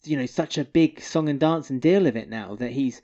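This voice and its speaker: This is a lively podcast co-host in casual chat, often laughing and jumping between quick asides. The voice sits at a middle pitch. The sound is a little dull and lo-fi.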